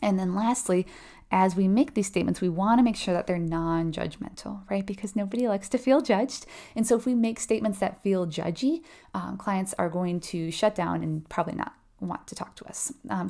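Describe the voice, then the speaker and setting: Woman, nursing exam tutor, slightly gravelly voice, chatty, conversational. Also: medium pitch, a little fast, a little mellow. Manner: casual and conversational, frequent "um" and "right?"; acts out short quoted replies with a laugh. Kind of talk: explaining exam questions.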